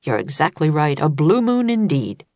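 A woman's voice: deep voice, big pitch swings, moderate pace, mellow, no room sound. A woman reading the lines of a tall, thin, courteous male weather official in a storybook, explaining things patiently.

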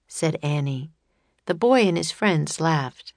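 A woman's voice: low-pitched, measured pace, dry recording. Woman reading a children's storybook. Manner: clear, expressive storytelling. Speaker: narrator.

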